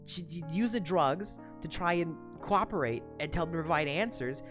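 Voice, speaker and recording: A young woman streamer retelling a book in casual chat, profane, rambling and animated. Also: lowish voice, normal speed, few pauses, music in the background.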